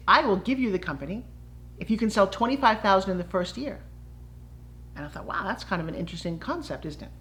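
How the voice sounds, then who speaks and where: Speaking to camera in a medium-pitched voice, a middle-aged woman who runs a fitness business shares her own story. She's animated throughout and performs the quoted voices as she goes.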